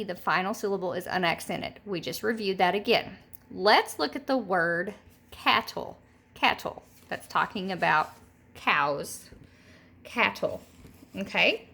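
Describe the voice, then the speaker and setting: A woman teacher leads a recorded phonics lesson for young children. Her pitch sits mid-range, and she speaks at an unhurried, deliberate pace. She repeats each word slowly so the class can follow. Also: gravelly, fairly bright tone. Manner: slow, patient, repeats each word twice. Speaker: third grade teacher.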